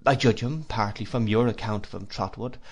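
A man reading an audiobook, voicing a gentle, earnest young woman who speaks softly and steadily. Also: fairly low pitch, a little fast.

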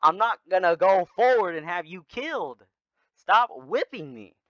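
A man's voice: sits high, big pitch swings, normal speed, a bit bright, dry recording, voice pushed up. A man voicing a fed-up talking donkey who complains in casual slang, with a slightly dull, dry sound. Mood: exasperated. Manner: exasperated, slangy.

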